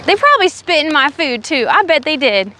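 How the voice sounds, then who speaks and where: A high-pitched young woman streams from a windy park, chatting with her viewers and sounding a bit sick and tired. She talks in a sassy, rambling way. Faint outdoor ambience runs behind her phone mic. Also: very animated, brisk, sharp tone. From Oregon, USA. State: sick, low energy. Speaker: livestreamer. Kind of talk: casual chat with live chat. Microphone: phone on a selfie stick.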